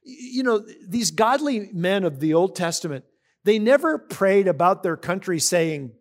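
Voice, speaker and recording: A man's voice: sits high, expressive, a little slow. Conversational man preaching a sermon. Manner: conversational, asks the listeners questions; reads scripture aloud between comments. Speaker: pastor. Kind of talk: sermon teaching.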